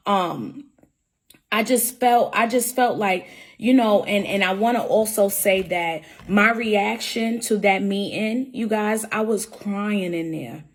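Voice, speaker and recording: Speaking slowly at a medium pitch, a young woman addresses her viewers directly about her suspension from work. It's an emotional personal account to camera from the employee herself, earnest and repetitive as she restates each point.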